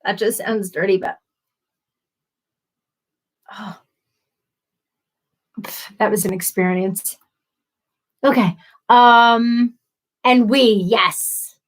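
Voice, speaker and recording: A woman's voice: medium pitch, steady tone, drawn-out words, long pauses, poor audio. A woman hosting a casual livestream chat, giggly, rambling and apologetic, a little tipsy from drinks. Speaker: livestream host.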